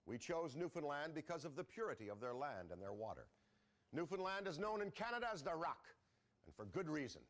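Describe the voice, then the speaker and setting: Man, commercial narration, solemn, earnest, measured, expressive pitch. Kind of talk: advertisement narration.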